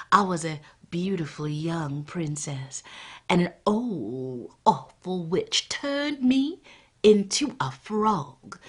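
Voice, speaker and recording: A woman's voice: low voice, a bit bright, husky, heavily acted. A woman storyteller voicing a princess turned into a frog, who talks in a sly, coaxing way.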